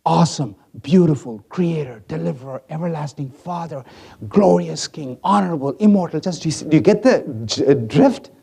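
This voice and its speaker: A male pastor preaching a sermon, swinging from hushed asides to loud acted-out lines. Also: fairly high pitch, normal speed, gravelly, husky. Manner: animated, swings from hushed to loud, acts out voices.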